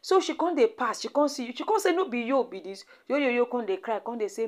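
A woman's voice: fairly high pitch, sing-song, quick pace, few pauses. Dramatic Nigerian woman telling gossip. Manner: dramatic, repetitive, exclamatory storytelling with laughs. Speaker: celebrity gossip commentator. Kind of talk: storytelling commentary in Pidgin.

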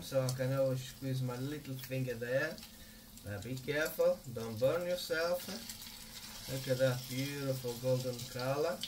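A man hosting a cooking tutorial in his home kitchen, talking viewers through each step and ending lines with a friendly "eh?". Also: medium pitch. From Madeira, Portugal. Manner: friendly, tags sentences with "eh?". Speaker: home cook, video host. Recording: distant mic, faint room noise.

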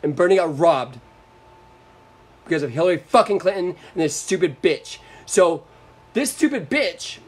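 A man's voice: on the high side, normal speed, breathy edge. A young man from Florida hosting a live stream, ranting angrily about politics with lots of swearing and sarcasm. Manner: profane, combative, sarcastic. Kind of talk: angry political rant.

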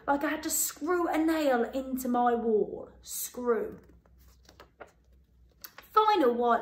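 A woman teacher with a British accent, giving a phonics lesson to children and sounding out each letter slowly and clearly. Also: fairly high pitch, lively intonation, roomy sound, low-quality recording. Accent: British English. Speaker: primary school teacher.

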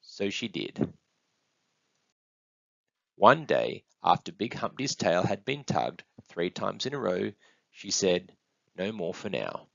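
A man reading a picture book aloud, his low, gravelly voice rising and falling in a lively, sing-song way. The sound is dull and close, with no room echo. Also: slow, pauses often. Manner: expressive, sing-song storytelling. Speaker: storybook reader. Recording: dull, dry close recording.

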